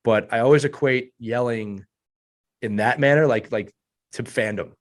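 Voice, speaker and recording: A man's voice: medium pitch, moderate pace. A man hosting a hockey podcast in casual chat, making emphatic points and tagging them with "right?". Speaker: podcast host.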